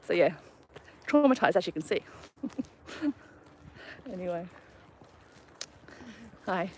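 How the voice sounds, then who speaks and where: A woman's voice: lowish voice, animated, slow, slight background noise. Chatty woman on a walk. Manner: chatty, laughing, self-mocking storyteller. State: out of breath from walking. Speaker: travel vlogger hosting a live stream. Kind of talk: casual live chat while walking her dog. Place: outdoors on a walk.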